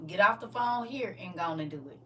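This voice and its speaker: A woman's voice: fairly low pitch, lively intonation, fairly quick, pushed and bright. A woman preaching a livestreamed sermon, fervent and exhorting in a colloquial style. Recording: distant mic with faint noise.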